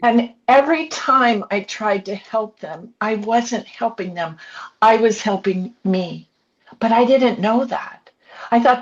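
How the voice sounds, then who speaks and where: A woman's voice: fairly high pitch, slow pace. A woman in her sixties, an author and coach, earnestly telling her own family story as a podcast guest in short reflective phrases. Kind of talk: candid personal storytelling. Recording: dull lo-fi podcast audio.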